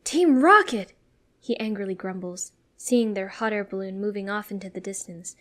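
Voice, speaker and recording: Soft-spoken woman reading a fan story. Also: medium pitch, little pitch movement, fairly quick. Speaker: story reader. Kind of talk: fan-fiction narration.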